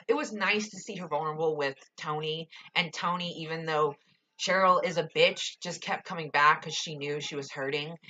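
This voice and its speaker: A woman's voice: low-pitched, bright, forceful tone. A young woman casually reviewing a TV episode, gushing and ranting with lots of "like" and swearing.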